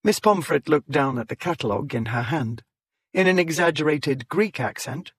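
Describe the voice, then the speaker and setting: A man with a fairly high voice narrates a historical romance in a measured, storytelling way. The recording is close and dry, with no room sound. He lifts his voice higher whenever he speaks for a character. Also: animated, a bit bright, slightly rough, dry recording. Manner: measured storytelling, voicing characters with raised pitch. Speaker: audiobook narrator. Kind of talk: scripted narration.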